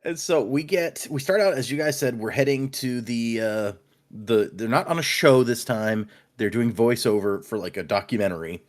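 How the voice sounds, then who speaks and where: A man hosting a relaxed book-club podcast, talking at an ordinary middle pitch. He recaps the plot in long, loose sentences and chuckles along the way. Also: moderate pace. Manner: laid-back and chuckling, with loose run-on recaps. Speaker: podcast host. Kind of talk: casual book-club chat.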